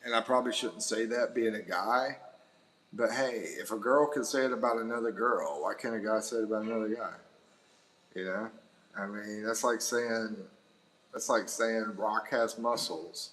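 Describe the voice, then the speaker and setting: Rambling middle-aged man, low voice. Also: normal speed, fairly bright tone, poor audio. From United States. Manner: rambling and chuckling. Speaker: livestream host. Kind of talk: casual live-stream chat. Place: indoors by a sunny window.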